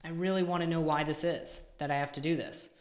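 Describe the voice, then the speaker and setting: Fairly high in pitch and fairly quick, this man's voice holds a fairly even intonation. While live-streaming his coding, he thinks aloud, mutters in exasperation and sometimes goes nearly to a whisper, in a recording with roomy echo.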